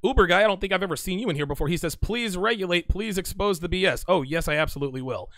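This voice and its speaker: A man's voice: sits high, fast talker, fairly bright tone, no room sound, clean studio sound. A man hosting a casual live stream, reading viewer chat aloud and answering with blunt, teasing banter. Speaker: livestream host reading chat.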